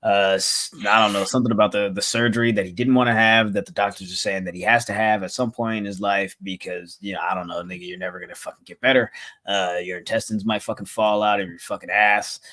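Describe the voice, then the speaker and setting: Brief: male podcast co-host, lower voice, loose and profane, slips into mocking impressions. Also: little pitch movement, fast, pushed and bright. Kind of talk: casual podcast chat.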